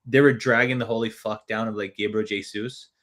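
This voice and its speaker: A man's voice: fairly low pitch, fairly even intonation, a little fast, a bit bright. A man co-hosting a sports podcast in loose, chatty talk, reading out viewer comments with restarts and casual swearing. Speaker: podcast co-host.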